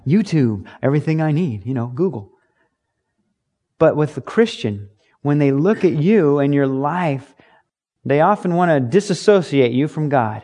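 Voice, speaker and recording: A man's voice: fairly high pitch, expressive, normal speed, dark tone. A man preaching an earnest, emphatic sermon, teaching from scripture with rhetorical questions. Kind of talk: sermon, Bible study teaching.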